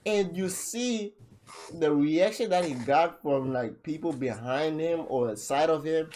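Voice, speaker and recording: A man hosting a casual podcast, telling a story with animated energy, switching into a raised voice whenever he quotes someone. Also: on the high side, measured pace, very noisy. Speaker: podcast host. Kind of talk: casual chat recapping a battle rap event.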